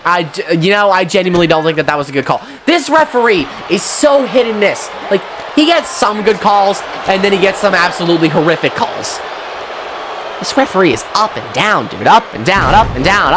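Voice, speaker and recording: A man doing excitable, sweary play-by-play commentary on a wrestling match, often shouting at the action. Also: high voice, background noise. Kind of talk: play-by-play video game commentary.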